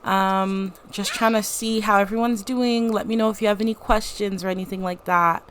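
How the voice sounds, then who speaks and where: A woman's voice: mid-range voice, fairly even intonation, moderate pace, slight background noise, pitched above the performer's own voice, natural voice. A woman voicing an upbeat young woman who leads an art club, chatty and encouraging.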